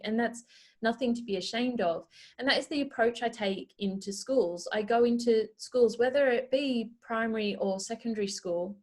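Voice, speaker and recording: A woman's voice: on the high side, moderate pace, a little mellow. An Australian woman in her thirties, a guest speaking earnestly and reflectively in a casual interview, with lots of "you know" fillers. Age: 30s. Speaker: guest, Paralympic swimmer and advocate.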